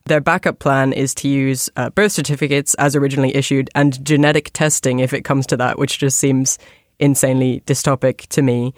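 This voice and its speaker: A man speaking as a podcast guest, explaining in a measured way. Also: medium pitch, flat delivery, no echo, clean studio sound. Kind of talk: casual podcast discussion.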